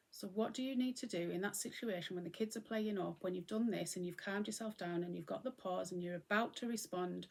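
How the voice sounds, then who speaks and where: A middle-aged woman giving a gentle, conversational talk on mindfulness and acceptance as host. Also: lowish voice, gravelly. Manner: gentle, conversational, often acting out what she would say.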